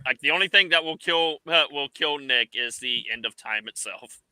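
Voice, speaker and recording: A man's voice: mid-range voice, moderate pace, pushed and bright, clean tone, no echo. A man running the game, chatting casually and laughing often in the middle of sentences. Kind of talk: casual chat.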